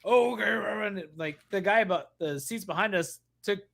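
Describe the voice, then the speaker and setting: A man's voice: high-pitched, moderate pace, fairly bright tone. A man co-hosting a casual podcast, joking playfully and quoting other people in a teasing tone. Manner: playful, jokey, quotes others in a mocking tone. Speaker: podcast co-host. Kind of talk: casual chat.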